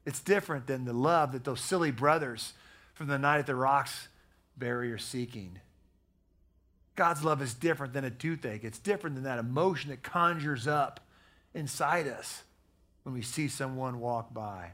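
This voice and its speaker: A man preaching a sermon as pastor, repeating key phrases for emphasis and growing hushed in prayer. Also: medium pitch, moderate pace. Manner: preaching with emphatic repetition, dropping soft at prayer.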